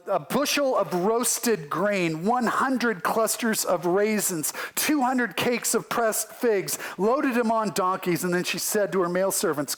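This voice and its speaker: A male pastor delivers a sermon on a church livestream, his voice sitting fairly high for a man. He tells the story in an animated way, slipping into acted-out voices and quick asides.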